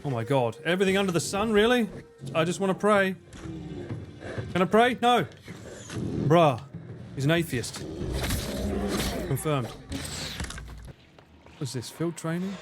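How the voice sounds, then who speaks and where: A man in his forties with an Essex accent banters through a live game stream, cursing freely and laughing at his own jokes. His voice sits a touch high and swings widely up and down. Game music plays clearly behind him. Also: expressive, unhurried, long pauses. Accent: Essex English. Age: 40s. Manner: swearing, joking, laughing often.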